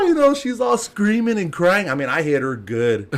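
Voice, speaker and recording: A man telling a story as a podcast guest, casual and animated, laughing and acting out other people's lines. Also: high-pitched, normal speed. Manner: animated, laughing, acts out quotes.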